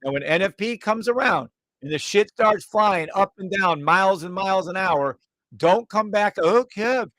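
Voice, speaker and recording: A brash, profane man calls out live trades in quick repeated bursts. His voice sits a little high for a man, and the sound is close and dry, with no room around it. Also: a bit bright, no room sound, low-quality recording. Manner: mocks imagined viewers in a whiny voice. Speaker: live trading stream host. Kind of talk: live trading commentary.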